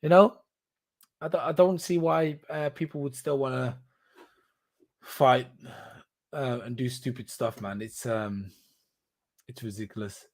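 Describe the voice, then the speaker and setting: A man's voice: medium pitch, fairly even intonation, a little slow, long pauses, darkish tone. A man hosting a podcast, talking alone in a casual, rambling way with many fillers, restarts and bursts of laughter. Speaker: podcast host. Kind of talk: casual solo commentary.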